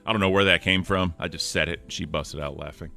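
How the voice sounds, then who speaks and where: A man co-hosting a casual livestream chat in a deep voice, upbeat and thanking chat members by name. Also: steady tone, fast talker, pushed and bright, faint music behind. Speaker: co-host.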